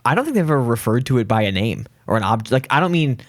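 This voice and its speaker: A man co-hosting a podcast, telling stories in a joking, profane, animated way during casual comedic chat. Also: mid-range voice, quick pace, dry recording. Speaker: podcast co-host.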